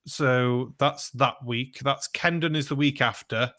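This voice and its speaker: A man's voice: mid-range voice, measured pace, sharp tone. A man hosting a casual live-stream chat, laughing often and rambling loosely. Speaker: host.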